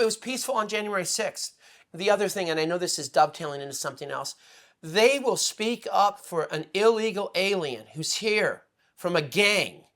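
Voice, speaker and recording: A man speaking as a guest on a political talk show, emotional and rambling, swinging between loud outbursts and hushed asides. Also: high-pitched. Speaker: guest commentator. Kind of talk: impassioned political commentary.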